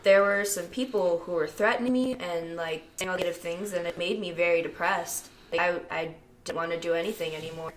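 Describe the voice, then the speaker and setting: A woman's voice: on the low side, fairly quick, a little hiss or hum. A young adult woman co-hosting a casual talk podcast, speaking frankly and chattily, with lots of "like" and "I mean". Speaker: co-host.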